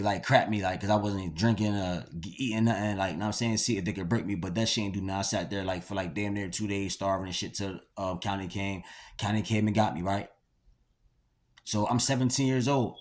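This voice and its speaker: A young American man tells a story in a loose, rambling way. His speech is slangy and profane, thick with fillers and restarts. His voice sits on the low side. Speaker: storyteller recounting his past. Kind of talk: casual storytelling vlog.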